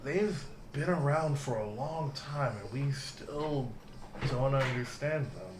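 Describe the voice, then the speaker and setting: A man's voice: mid-range voice, takes it slowly, roomy sound, noisy background. Easygoing man running a tabletop game. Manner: easygoing, rambling with restarts. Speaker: game master.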